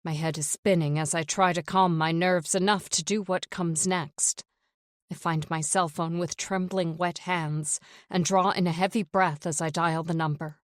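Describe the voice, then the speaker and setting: A woman narrating a first-person psychological thriller audiobook in a measured, tense read. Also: lowish voice, fairly even intonation, no echo, clean studio sound.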